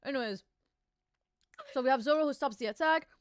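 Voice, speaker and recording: A woman's voice: high voice, a little fast, dry recording, studio quality. A young woman hosting a casual live reaction stream, chatty and swearing as she reads the comic aloud. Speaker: streamer host.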